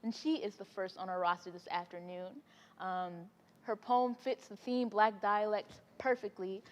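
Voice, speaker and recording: A woman's voice: mid-range voice, fairly even intonation, moderate pace, long reverb tail. A woman hosting an online poetry event in a chatty, casual way, with laughing asides and fillers. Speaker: host. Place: home, on a video call.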